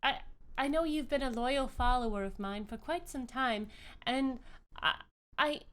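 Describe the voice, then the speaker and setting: A woman's voice: high-pitched, normal speed, fairly bright tone, pitched above the performer's own voice. A woman voicing a small, cheerful goddess of joy who giggles and stammers sweetly. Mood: bubbly.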